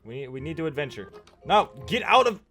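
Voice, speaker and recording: A young man in his twenties hosting a game video, telling comic stories with animated, joking delivery and frequent laughs. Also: a little high, brisk. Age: 20s. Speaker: let's play host. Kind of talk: gameplay commentary with comic storytelling. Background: faint background music.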